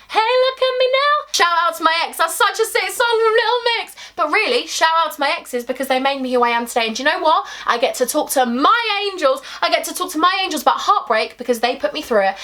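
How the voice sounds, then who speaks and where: A woman's voice: high-pitched, a bit bright. A young woman, giving earnest, emotional advice straight to her viewers in a heartfelt vlog. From England. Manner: earnest, emotional and affectionate, addressing viewers directly. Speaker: YouTuber.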